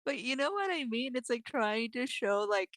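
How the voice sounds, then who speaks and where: A woman's voice: fairly high pitch, expressive, normal speed, fairly bright tone, dry recording. A woman co-hosting a podcast who guesses at quiz answers hesitantly, with lots of "like". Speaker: podcast co-host, quiz contestant. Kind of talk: casual chat.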